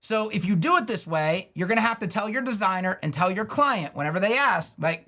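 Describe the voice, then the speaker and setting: Brief: middle-aged male web design streamer, high voice, animated and sarcastic, casual and a bit profane. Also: a little fast, hardly any pauses. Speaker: web design educator on a livestream. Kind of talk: casual livestream teaching with a screen demo.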